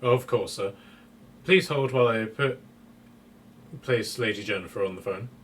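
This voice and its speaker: A man's voice: lowish voice, moderate pace, fairly bright tone, distant mic, slight background noise, natural voice. A man voicing a posh, formal head of household staff who speaks with stiff politeness. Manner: stiff, polite butler speech.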